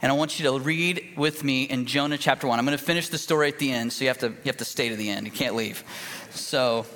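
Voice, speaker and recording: A man's voice: medium pitch, quick pace, pushed and bright, a little hiss or hum. A man preaching a sermon as a pastor, telling a story in a folksy, conversational way with fillers and restarts. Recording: long reverb of a church hall.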